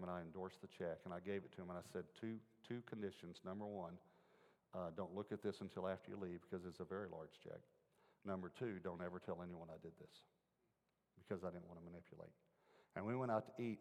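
A man with a fairly low voice preaches a sermon, telling a personal story in an earnest, chatty way. His words ring out with a long reverb, as in a large hall. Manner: earnest, conversational, asks the audience questions.

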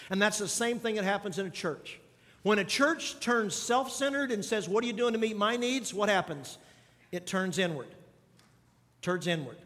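High-voiced pastor preaching in a reverberant hall. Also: male voice. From grew up on a farm. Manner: preaching emphatically, repeating key lines and asking the congregation questions. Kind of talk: sermon. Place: church sanctuary.

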